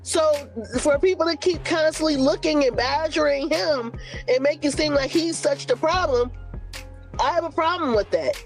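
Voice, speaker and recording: A woman's voice: high-pitched, normal speed, soft background music. A woman co-hosting a casual livestream, speaking with passion and indignation. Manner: passionate, indignant, talks it through. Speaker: livestream co-host.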